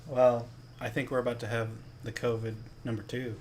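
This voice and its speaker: A man's voice: medium pitch, level tone, normal speed, a little mellow, slight background noise. A man co-hosting a livestream, chiming in with dry, skeptical remarks in casual chat. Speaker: livestream co-host.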